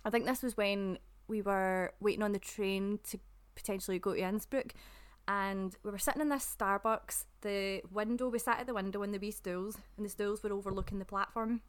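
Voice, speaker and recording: A young woman from Scotland with a Scottish accent, co-hosting a casual podcast. She tells stories in an animated, giggly way at a mid pitch. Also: brisk, hardly any pauses, clean tone. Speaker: podcast co-host. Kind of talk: casual storytelling chat.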